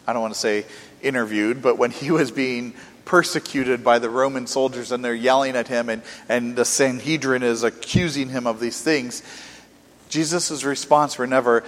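A man preaching a sermon earnestly, asking rhetorical questions and swinging between soft and emphatic delivery. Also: mid-range voice, moderate pace. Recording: long reverb from a hall.

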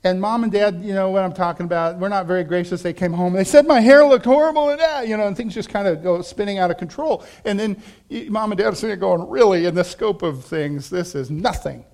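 A man preaching a sermon, telling a story with animated shifts and acting out quoted voices, laughing now and then. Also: high voice, fast, few pauses. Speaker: pastor.

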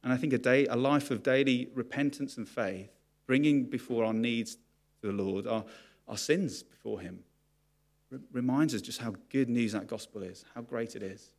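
A man's voice: medium pitch, normal speed, vocal fry, darkish tone. A man preaching a sermon to his congregation, candid and confessional about his own struggles. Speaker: pastor.

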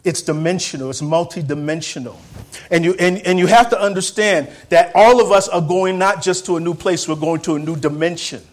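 Dynamic preacher man, loud to hushed. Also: high-pitched, steady tone, brisk. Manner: repeats phrases for emphasis. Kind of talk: sermon.

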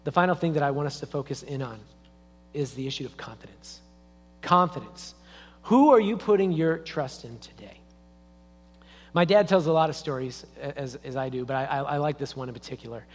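A man's voice: a little high, fairly quick. A man preaching a sermon as a pastor in a church, in a conversational storytelling way. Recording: long reverb of a church hall.

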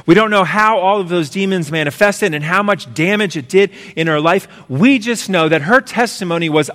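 A man preaches as pastor, with a voice pitched a little above the usual male range. His delivery builds through rhythmic repeated lines, then drops to a hush. A long reverb from the church hall trails after his words. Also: moderate pace, hardly any pauses. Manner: rhythmic repetition, swinging from emphatic to hushed. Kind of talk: sermon.

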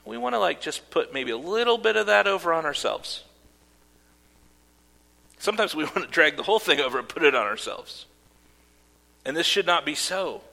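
Preaching as a pastor, this man speaks in a higher, animated, bright voice with a creaky edge and a forceful tone, at a moderate pace broken by long pauses. His sermon is earnest but dotted with casual asides and fillers, and a long hall reverb surrounds it.

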